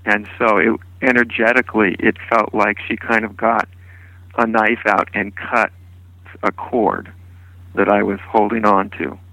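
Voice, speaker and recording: A man who is a spiritual teacher, telling his story in an unhurried, meandering way with frequent restarts. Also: lowish voice, steady tone, sharp tone, no echo, poor audio. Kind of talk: reflective storytelling interview.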